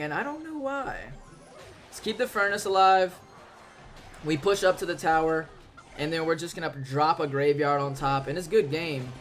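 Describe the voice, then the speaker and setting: A young man giving excitable, slangy live commentary on his gameplay while streaming, with sudden loud outbursts. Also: on the high side.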